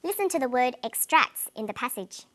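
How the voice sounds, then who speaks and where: A woman presenting an English lesson in clear, deliberate scripted narration, slowing down on example words. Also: sits high, very animated.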